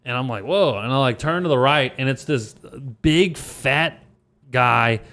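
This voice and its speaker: A young man from Louisiana tells a story in loose, rambling podcast chat, swearing freely and leaning on fillers. His voice sits at an ordinary middle pitch. The talk stays casual and unpolished throughout. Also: unhurried, fairly bright tone. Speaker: podcast guest comedian.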